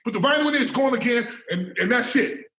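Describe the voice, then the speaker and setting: Loud high-voiced New man. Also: animated, fast talker, echoey room, a little hiss or hum, poor audio. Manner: loud, profane, bursts into shouted hype calls. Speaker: interview guest. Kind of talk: animated storytelling.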